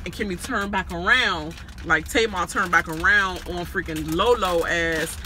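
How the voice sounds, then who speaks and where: Man, high pitch, very bright tone, profane casual recap, animated retelling, faint traffic noise behind. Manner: animated, fast retelling with vivid voices for others. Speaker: reality show recap vlogger.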